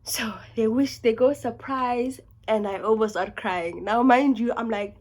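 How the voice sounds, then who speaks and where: Fast-talking young South African woman. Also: fairly high pitch. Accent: South African English. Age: young adult. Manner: fast, animated, dips into whispers and laughs. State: sick. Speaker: YouTuber. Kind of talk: casual storytelling vlog.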